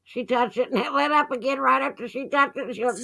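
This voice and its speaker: A woman's voice: high-pitched, fast, creaky, pushed and bright. A woman hosting a casual livestream from her home, chatting in a folksy way and laughing easily. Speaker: livestream host. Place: at home, indoors.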